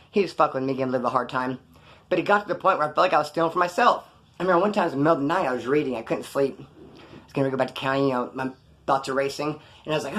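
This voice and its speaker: A man's voice: mid-range voice, racing, fairly bright tone. A man telling stories in casual, slangy street talk. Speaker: storyteller recounting prison life. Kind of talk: casual spoken storytelling.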